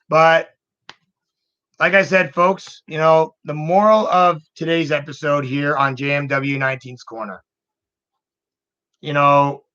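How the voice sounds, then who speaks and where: Upbeat rambling man, bright lo-fi voice. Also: a little high. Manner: rambling, repeats words, upbeat. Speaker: show host. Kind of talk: casual chat.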